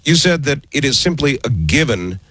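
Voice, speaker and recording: A man's voice: medium pitch, very animated, moderate pace, a bit bright, husky, no room sound. A man hosting a radio interview who asks probing questions in a courteous way. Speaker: radio host.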